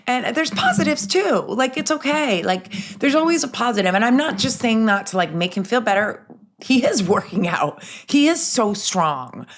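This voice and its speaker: A woman's voice: on the high side, very animated, moderate pace. A middle-aged woman hosting a solo podcast, chatting in an upbeat, rambling way with many restarts and asides. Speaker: podcast host.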